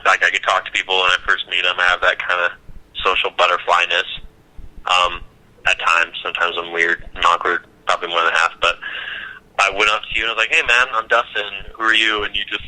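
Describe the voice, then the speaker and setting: A young man from Nebraska chatting casually on a podcast, telling animated stories and cussing freely. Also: low-pitched, brisk, low-quality recording. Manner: animated storytelling, acts out quotes, swears freely. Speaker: podcast co-host. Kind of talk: casual chat.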